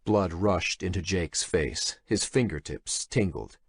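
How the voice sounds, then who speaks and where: A man narrating an audiobook in a dramatic, expressive reading style. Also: low voice, slow, few pauses, slightly rough, no echo, studio quality. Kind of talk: scripted narration.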